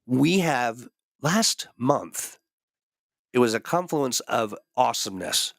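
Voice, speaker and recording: A man's voice: medium pitch, big pitch swings, slow pace, vocal fry, no room sound, studio quality. A man hosting a casual livestream chat, rambling with many fillers and restarts while getting over a cold. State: recovering from a cold. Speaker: host.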